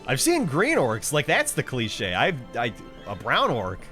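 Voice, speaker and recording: Male streamer, lively pitch swings, slow easygoing delivery, joking banter with chat. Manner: laid-back banter with chat, swearing and laughing. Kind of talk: casual live-stream chat while playing. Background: faint game music.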